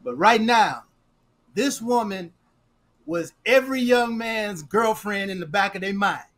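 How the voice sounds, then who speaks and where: A man's voice: high-pitched, animated, a little slow, a bit bright. A man co-hosting a podcast, chatting casually, flustered and stammering. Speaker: podcast co-host. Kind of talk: casual chat.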